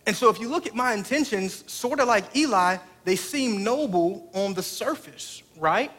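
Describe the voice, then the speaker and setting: A man's voice: high-pitched, expressive, normal speed, a bit bright. A man in his thirties, a pastor preaching a sermon through a family story, talking conversationally and putting direct questions to the congregation.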